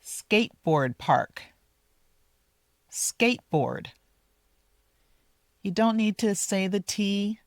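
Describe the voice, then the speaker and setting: A woman teaching English pronunciation outdoors in a park, speaking deliberately and repeating each model word slowly. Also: medium pitch, animated, no echo, clean studio sound. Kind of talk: slow, careful pronunciation lesson. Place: outdoors in a park, walking with her dog.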